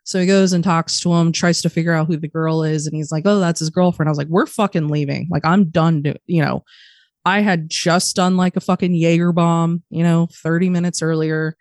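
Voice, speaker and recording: Woman, young adult, low voice, dry close mic, profane, animated storytelling, podcast guest. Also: normal speed, dry recording. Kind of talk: candid storytelling interview.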